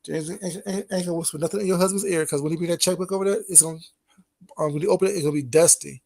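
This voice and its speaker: A man with a slightly high, steady voice that's gravelly yet a little mellow talks in rapid-fire bursts. He's hosting a laid-back late-night livestream, gossiping and teasing his chat while laughing a lot.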